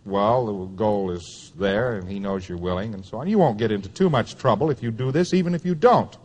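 A man's voice: lowish voice, brisk, a little mellow, long reverb tail. A man giving a taped lecture to students, emphatic and wry, repeating key phrases for weight.

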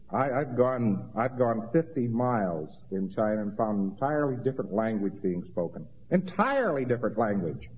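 Man, informal lecture, rambling and wry, medium pitch, dull lo-fi old recording, long hall reverb. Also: a little hiss or hum. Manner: rambling, conversational, mocking asides and chanted impressions.

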